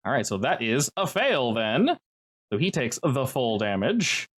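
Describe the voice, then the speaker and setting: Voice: mid-range voice, unhurried. A game master narrating a tabletop game in a playful, joking way. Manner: playful, animated narration with jokey asides.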